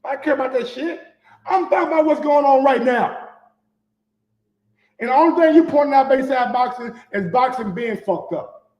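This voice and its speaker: High-pitched male sports host, casual profane rant, echoey room sound. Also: moderate pace, long pauses, dull audio. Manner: animated, profane, swings from mutters to shouting. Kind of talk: casual ranting commentary.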